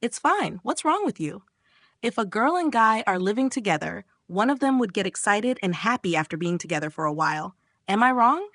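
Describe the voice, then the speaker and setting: A woman voicing a brazen young woman who teases and pushes in a high, mocking voice. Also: sing-song, brisk, fairly bright tone, no room sound, studio quality. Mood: teasing.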